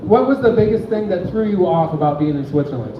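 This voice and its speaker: A man's voice: sits high, lively intonation, quick pace, noisy background. A man doing a rambling stand-up set, chatting with the audience. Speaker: stand-up comic. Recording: echoey dull recording from a distance.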